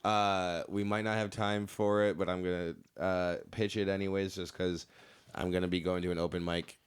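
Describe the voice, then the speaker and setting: A man's voice: deep voice, flat delivery, moderate pace, clean tone. A young man hosting a casual comedy podcast. He talks in a loose, joking way, swears, and uses lots of fillers. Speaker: podcast host.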